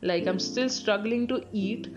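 Speaking at medium pitch and a little slowly, this podcast host, a young woman from Bangalore with an Indian English accent, tells stories on her casual solo show, laughing a lot and cursing freely. Music plays behind a muffled recording.

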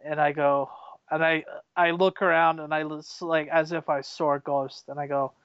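Male co-host, fairly high smooth voice, excitable rambling storyteller. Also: normal speed, no room sound, muffled recording. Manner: rambling, excitable, many fillers and restarts. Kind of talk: casual storytelling chat.

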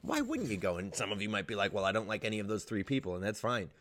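A young male comedian ranting in a casual vlog, swearing often and jumping to loud, high peaks. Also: steady tone, very fast, slight background noise. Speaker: stand-up comedian.

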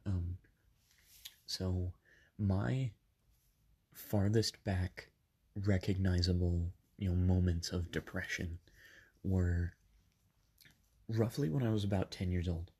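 A man in his twenties hosting a podcast from a bedroom padded with soft things. He is slightly sick and tells his story casually, with many ums and self-corrections. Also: sits low, steady tone, slow pace, pauses often, husky. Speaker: podcast host.

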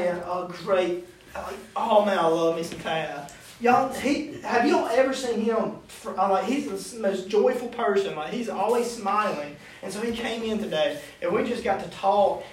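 Guy with a high voice leading a bible class, chatty, lots of questions, big echoey room, mic far off. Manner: conversational, asks the class questions. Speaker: youth Bible study teacher. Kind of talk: casual classroom teaching. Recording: echoey room, distant mic, faint noise.

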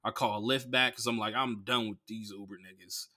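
A man hosting a comedy podcast, telling a profane story as a monologue, swinging from mumbled asides to loud outbursts. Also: lowish voice, fairly even intonation, brisk. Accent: Bay Area.

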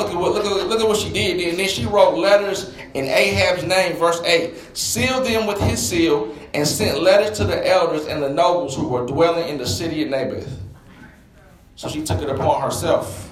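A man preaching a sermon in an animated, folksy way, speaking straight to his congregation. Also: fairly high pitch, brisk, reverberant, rough recording. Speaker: pastor.

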